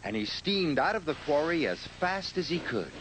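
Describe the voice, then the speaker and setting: Lively, expressive male storyteller. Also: on the high side, brisk, noisy background. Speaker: narrator. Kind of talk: scripted storybook narration. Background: music.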